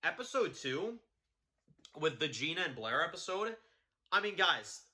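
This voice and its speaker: Guy ranting about a tv show, swears a lot, really bright voice, kinda high. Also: very animated, unhurried. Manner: blunt, profane, heated. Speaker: TV show reviewer. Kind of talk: ranting video review.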